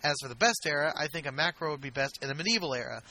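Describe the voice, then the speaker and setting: A man's voice: fairly high pitch, lively intonation, racing, bright, forceful tone. A man on a casual podcast, reading a listener email aloud in a plain, matter-of-fact way. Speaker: podcast co-host.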